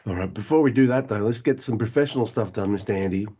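A man's voice: lowish voice, fast talker, warm tone, breathy edge, muffled recording. A man hosting a casual podcast, joking and laid-back as he runs through plugs and news. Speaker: podcast host.

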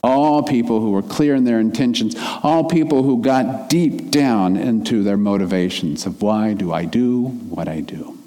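A man's voice: fairly low pitch, normal speed, few pauses, mellow, big-room sound. A man delivering a sermon in an earnest, reflective way, his emphasis rising and falling as he makes his points. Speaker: minister.

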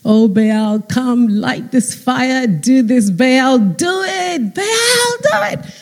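A woman's voice: high voice, expressive, extremely slow, pitched above the performer's own voice, exaggerated voice. A woman preacher voicing a group of male pagan prophets in desperate, climbing chants. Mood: pleading. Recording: long hall reverb.

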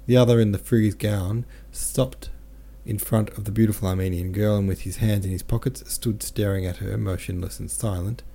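A man narrating a classic novel as an audiobook reader, in a measured, steady manner. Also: fairly low pitch, gravelly.

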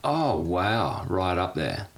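A man recording a casual chat, chiming in with quick questions. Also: low voice, very animated.

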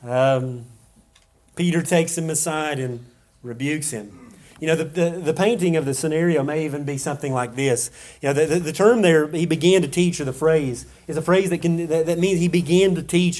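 A man's voice: on the high side, normal speed, darkish tone. A man preaching a sermon to his congregation in an earnest way, asking rhetorical questions and often restarting and repeating words. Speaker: pastor.

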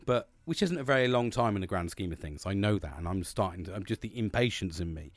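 A man's voice: low-pitched, animated, fast talker, no echo. A British man talking in a rambling, earnest monologue, swearing constantly. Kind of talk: casual monologue.

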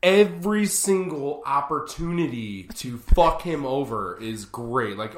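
A man co-hosting a podcast in casual chat, excitable, swearing and repeating himself. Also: medium pitch, measured pace, hardly any pauses. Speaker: podcast co-host. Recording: roomy echo.

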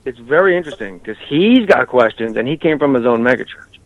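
A man, a comedian, chatting on a podcast over a call, riffing fast and swearing freely. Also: mid-range voice, expressive, no room sound, lo-fi sound. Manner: profane, riffing, jumps into impressions. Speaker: comedian guest. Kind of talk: casual podcast chat.

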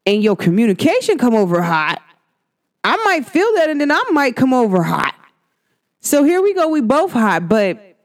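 Animated woman vlogging about astrology. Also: mid-range voice. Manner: animated, slangy, talks straight to viewers. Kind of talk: casual talk to camera.

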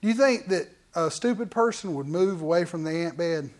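A man pastor preaching a sermon in an animated, conversational way, full of asides to the congregation. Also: sits high, moderate pace. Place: church.

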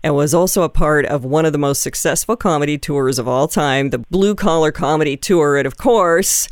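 A woman radio host in a studio, with a smooth, crisp voice and very dry close sound. She is upbeat and enthusiastic, gushing warmly over her guest. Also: low-pitched, moderate pace, no room sound. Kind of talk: radio interview.

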